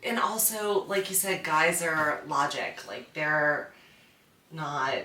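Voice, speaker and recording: A woman's voice: low-pitched, takes it slowly, bright, forceful tone, recorded from a distance. A woman co-hosting a podcast in casual chat, laughing often and sometimes searching for words. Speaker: podcast co-host. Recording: echoey room, off-mic.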